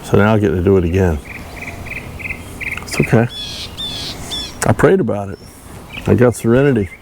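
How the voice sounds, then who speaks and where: A man's voice: lowish voice, lively intonation, moderate pace, creaky, background noise. A man hosting a casual do-it-yourself vlog while working on a boat trailer outdoors, folksy and self-mocking, chuckling as he talks. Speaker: channel host doing a boat trailer fix-up. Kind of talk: casual DIY vlog talk to camera.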